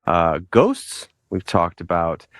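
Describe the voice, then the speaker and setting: A chatty man in his thirties hosts a casual podcast, joking around and restarting his sentences. His pitch moves a lot, and the recording is dry and close. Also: wildly swooping pitch, takes it slowly, fairly bright tone, no echo. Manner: chatty and playful, with laughs and restarts. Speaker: podcast host.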